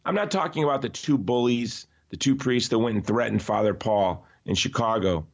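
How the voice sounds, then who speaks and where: A man talking as a podcast guest in an emphatic, animated way, often restarting his sentences. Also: mid-range voice, normal speed. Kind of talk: conversational podcast interview. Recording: slightly dull, lo-fi audio.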